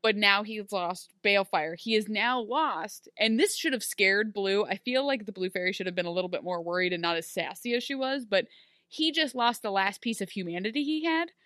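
A woman co-hosting a casual podcast, recapping a TV episode and acting out the characters' lines in quick animated bursts. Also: medium pitch, no room sound, studio quality. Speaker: podcast co-host. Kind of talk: casual recap chat about a TV show.

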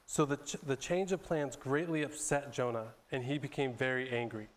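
A man giving a sermon in an easygoing, conversational way, stumbling back over his words and pausing to clear his throat. His voice is smooth and resonant, sitting at an ordinary middle pitch. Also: steady tone. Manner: loose and conversational, with frequent restarts and repeated words; clears his throat often between phrases. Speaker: pastor. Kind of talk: sermon retelling a Bible story.

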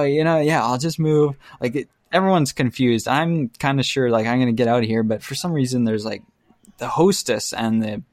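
A man's voice: medium pitch, no room sound, clean studio sound. Man telling a funny story, laughing. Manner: animated storytelling, acts out quotes, laughs often. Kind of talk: casual chat.

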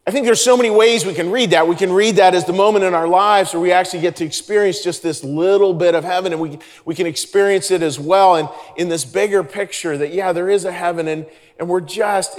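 Pastor preaching in an echoing hall. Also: male voice, high-pitched. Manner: earnest and conversational, with frequent restarts. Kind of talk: sermon. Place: large church hall. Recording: reverberant church hall.

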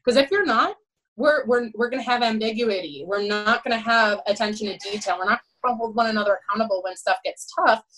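A middle-aged woman who coaches college swimmers tells her stories in a podcast interview. Her voice sits a little high. She talks candidly and emphatically and keeps checking in with "right?". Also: fairly quick, a bit bright, rough recording. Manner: candid and emphatic, peppered with "you know" and "right?". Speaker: college swim head coach.

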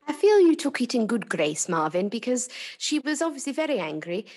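A woman's voice: a little high, very animated, a little fast, a little mellow, slightly rough. A woman playing a gushing, playful interviewer in a mock film interview sketch.

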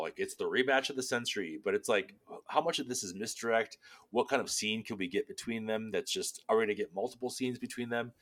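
A man with a fairly low voice talks through his thoughts in a casual fan discussion. He rambles, doubles back and restarts his sentences while he muses aloud. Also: a bit bright. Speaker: podcast co-host.

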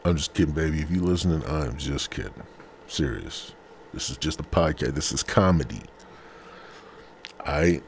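A man's voice: low voice, moderate pace, a little hiss or hum. A man hosting a podcast from his bed at home, talking casually in a rambling, profane, slangy way. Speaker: podcast host.

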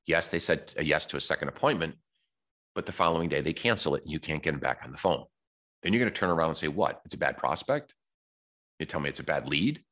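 A man's voice: a bass voice, fairly bright tone. A man hosting a podcast, giving a blunt, direct motivational talk about sales and telling stories from his own work. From United States. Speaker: podcast host.

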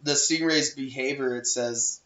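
A man's voice: medium pitch, fairly even intonation, unhurried, sharp tone. A man in his twenties chatting on a podcast, sharing facts he reads out. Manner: chatty, reads facts aloud, laughs often. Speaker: podcast co-host. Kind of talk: casual chat. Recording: echoey room, lo-fi podcast audio.

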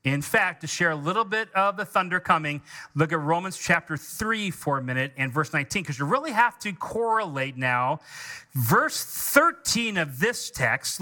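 A man preaching a sermon as pastor, reading scripture slowly with stress on each phrase and leading the congregation in call-and-response. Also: high-pitched, pushed and bright. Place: church sanctuary.

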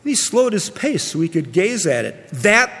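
A man telling a bedtime story gently and without hurry, turning now and then to the children listening. His voice sits high for a man, and a long hall reverb trails after each phrase. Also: sing-song. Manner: gentle, unhurried, speaks directly to children.

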